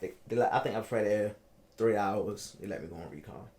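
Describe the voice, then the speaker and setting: A man, telling his own story in a casual interview, animated and repeating himself for emphasis. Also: lowish voice, brisk, slight background noise. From Baltimore, United States. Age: 30s.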